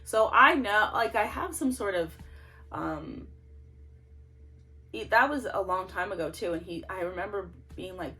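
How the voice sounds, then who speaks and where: This emotional monologue comes from a Canadian political vlogger in her thirties, ranting indignantly to camera from a cramped home closet with no proper mic, just the camera's own. Her medium-pitched voice sounds pushed and bright, a little slow, and swings sharply up and down.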